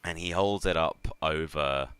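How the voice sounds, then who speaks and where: A man narrating a tabletop game as game master, in a relaxed, hesitant way with frequent fillers. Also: a bass voice, measured pace, clear, resonant tone, no room sound.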